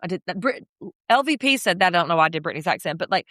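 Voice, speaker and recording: A woman co-hosting a podcast talks with wide swings in pitch and keeps dropping into little voices to quote the people she describes. The sound is close and dry, with no room around her. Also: rapid-fire, no echo. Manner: animated, slips into quoted voices. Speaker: podcast co-host. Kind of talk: casual recap chat.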